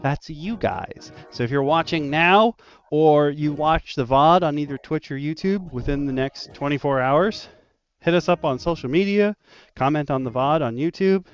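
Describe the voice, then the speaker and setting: A man's voice: a little high, normal speed, highs cut off, faint music behind. A man hosting a casual roundtable stream as a dungeon master, rambling and laughing often.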